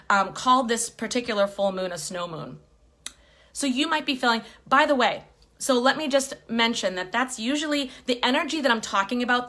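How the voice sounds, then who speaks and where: A chatty woman in her forties talks with a lively, bouncing pitch that rises and falls a lot. Her voice sits a little high for a woman. She keeps it casual and playful, swearing freely as she talks to her viewers. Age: 40s. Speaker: spiritual life coach. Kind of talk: casual livestream chat.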